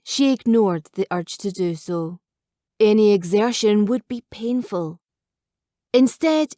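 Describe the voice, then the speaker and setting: A woman calmly narrating a novel as an audiobook reader. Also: mid-range voice, no echo, clean studio sound. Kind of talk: scripted narration.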